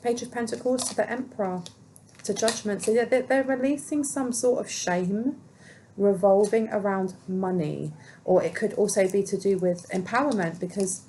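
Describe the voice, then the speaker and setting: A woman's voice: medium pitch, normal speed, warm tone, slight background noise, rough recording. A woman giving a solo tarot reading, musing aloud and questioning the cards as she goes. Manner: musing, talks to herself and the cards. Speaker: tarot reader.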